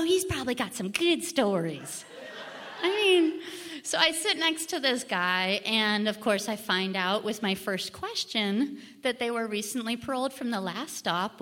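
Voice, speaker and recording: A woman telling a comic personal story on stage, animated and acting out the people she quotes. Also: on the high side.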